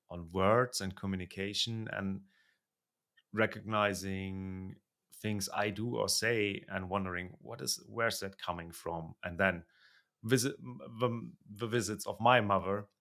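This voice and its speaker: Gravelly low-voiced male podcast host. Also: fairly even intonation, slow pace, fairly bright tone. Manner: hesitant, searches for words. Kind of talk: conversational interview.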